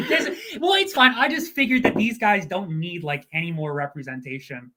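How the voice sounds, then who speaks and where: A man's voice: high-pitched, lively intonation, normal speed, bright, forceful tone. Jokey male co-host. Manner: jokey, playful. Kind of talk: casual chat and scripted ad reads.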